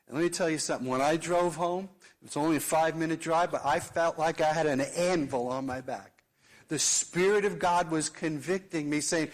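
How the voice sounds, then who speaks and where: A middle-aged man preaching a sermon in an earnest, measured way, with slow emphatic pauses. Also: a little high. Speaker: pastor.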